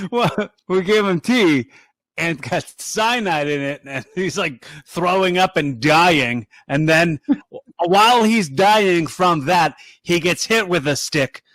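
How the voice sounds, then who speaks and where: High-voiced animated man chatting. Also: slow, dry recording. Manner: animated, breaks into high-pitched impressions. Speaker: podcast co-host. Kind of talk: casual wrestling chat.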